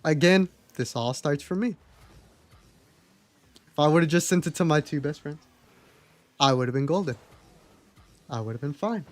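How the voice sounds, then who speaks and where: A young livestreamer speaks in a slightly high voice, unhurried and pausing often. Chatty and candid, he recounts stories from his own life to a live chat and swears freely.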